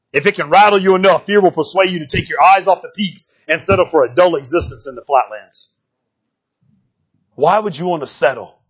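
High-voiced, husky man preaching. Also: muffled recording. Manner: lively and conversational, often asking "right?". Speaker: pastor. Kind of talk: sermon.

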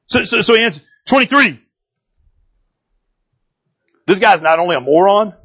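On a dull lo-fi recording, a man with a high, expressive voice that's pushed, bright and slightly rough preaches at a moderate pace. He works through a Bible passage in casual sermon storytelling, retelling it with slangy, joking asides.

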